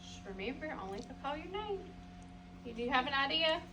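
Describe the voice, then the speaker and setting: A woman's voice: high-pitched, very animated, brisk, distant mic, a crowd in the background, low-quality recording. A woman teacher reading a picture book aloud to a class, asking the children questions in a sing-song way.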